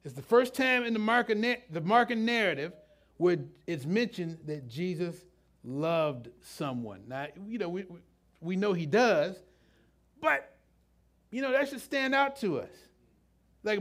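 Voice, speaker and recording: A middle-aged man preaches a sermon in a loose, conversational way. His voice sits fairly high, and he often stops, restarts, and drifts into asides. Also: animated, measured pace, fairly bright tone. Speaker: pastor.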